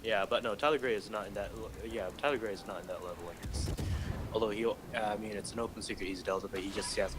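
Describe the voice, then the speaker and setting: A young man from Malaysia, speaking with an American accent, rambles through anecdotes in a dry, sardonic way. His voice sits a little low. A steady hiss runs under the stream recording. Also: quick pace. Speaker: streamer and host. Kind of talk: casual chat while gaming.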